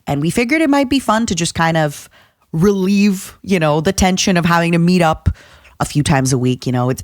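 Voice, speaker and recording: A woman's voice: low-pitched, dry recording, clean studio sound. A young woman hosting a casual solo podcast, chatty and rambling, having just woken up. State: just woke up. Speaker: podcast host.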